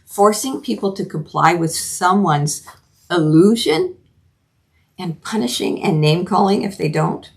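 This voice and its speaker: A woman's voice: on the low side, expressive, measured pace, vocal fry. A middle-aged woman from Canada hosting a solo commentary podcast, talking earnestly and emphatically with frequent restarts. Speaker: podcast host.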